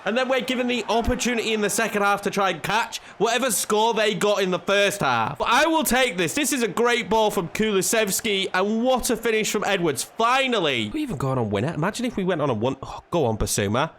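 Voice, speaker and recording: A man commentating his own football video game match, swinging between hushed tension and frustrated outbursts. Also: high voice, lively intonation, fairly quick, few pauses, a little hiss or hum. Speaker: gaming YouTuber.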